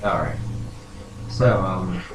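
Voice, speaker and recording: A man's voice: low-pitched, slow pace. A young man playing in a tabletop role-play, joking and playful. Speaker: player. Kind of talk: casual role-play chat. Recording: roomy room, loud background noise.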